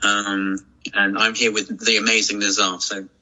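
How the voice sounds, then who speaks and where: A man's voice: fairly low pitch, flat delivery, normal speed, bright, forceful tone, muffled recording. A man, a podcast guest talking casually and reflectively, with many restarts and fillers. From England. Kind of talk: casual chat.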